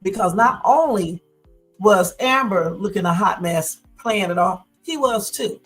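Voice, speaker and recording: A woman's voice: medium pitch, lively intonation, unhurried, husky, soft background music. A woman hosting a live reaction stream, chatting bluntly and addressing her viewers directly. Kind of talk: casual reaction commentary.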